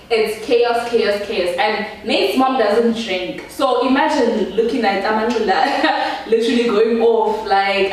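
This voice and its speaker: A young woman telling a story to her viewers in an animated, slangy way. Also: mid-range voice, far from the mic. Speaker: vlogger. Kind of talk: storytime chat. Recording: echoey room, voice a bit off-mic.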